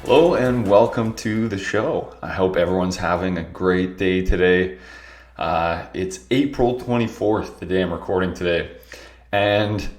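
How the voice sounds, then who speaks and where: Deep-voiced man with a stuffy nose. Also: reverberant. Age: young adult. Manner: earnest, open and reflective. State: congested, nasal from allergies. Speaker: podcast host. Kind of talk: solo podcast talk.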